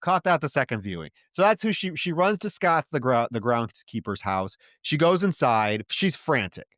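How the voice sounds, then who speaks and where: A man co-hosting a podcast, retelling a film's plot in a lively, casual way with exasperated, swearing asides. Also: mid-range voice, normal speed, no room sound, studio quality. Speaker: podcast co-host. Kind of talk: casual film discussion.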